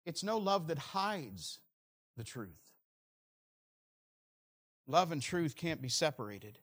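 A man preaching a sermon earnestly, moving between loud emphasis and quiet, slow stresses. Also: on the high side, sing-song. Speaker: pastor.

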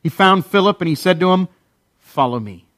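A man's voice: high voice, flat delivery, fairly bright tone, no echo. Emphatic preaching man, dry sound. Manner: emphatic preaching with repetition and dramatic pauses. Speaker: pastor. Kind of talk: sermon.

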